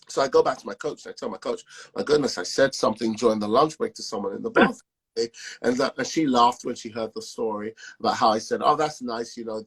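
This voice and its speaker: A man's voice: medium pitch, husky, low-quality recording. A man telling a personal story on a call, acting out the dialogue from it as he goes. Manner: acts out the dialogue in his story. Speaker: speaker sharing testimony.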